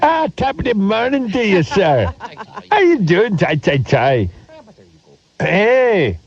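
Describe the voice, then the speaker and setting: A man's voice: high voice, very animated, takes it slowly, voice pushed up, heavily acted. A man putting on a cheeky stage Irishman. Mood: teasing. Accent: mock Irish. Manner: exaggerated, teasing. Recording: dull lo-fi radio sound.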